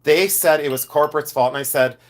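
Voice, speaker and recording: Rambling male live-stream host, slightly high voice. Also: brisk. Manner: rambling, repetitive storytelling with exasperated asides. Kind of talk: casual live-stream chat.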